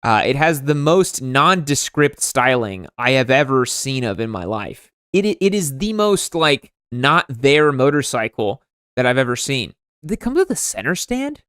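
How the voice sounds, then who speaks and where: A young man hosting a comedic livestream, roasting viewers' motorcycles in a sarcastic, mock-exasperated way, his voice jumping high when outraged. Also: very animated, normal speed, fairly bright tone, dry recording, studio quality.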